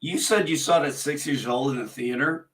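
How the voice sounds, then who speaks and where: A man's voice: mid-range voice, fairly quick, a bit bright, recorded from a distance. A man co-hosting a casual movie chat, rambling with lots of fillers and laughing easily. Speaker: movie review podcast co-host.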